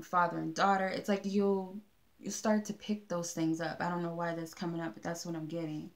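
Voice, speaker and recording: A woman's voice: lowish voice, a little mellow. A woman giving a casual tarot card reading, talking in a meandering way with many fillers and restarts. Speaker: tarot reader.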